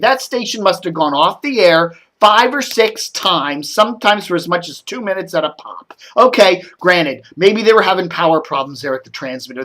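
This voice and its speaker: Give me a middle-aged man doing casual solo commentary, rambling and heated at times. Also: sits high. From Washington DC area. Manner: rambling, full of fillers, animated when riled. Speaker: media commentary vlogger.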